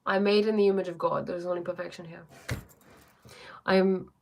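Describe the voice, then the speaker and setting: A woman life coach in casual livestream chat, talking fast and thinking aloud as she answers viewers. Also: lowish voice, fairly even intonation, vocal fry, dull audio, a little hiss or hum.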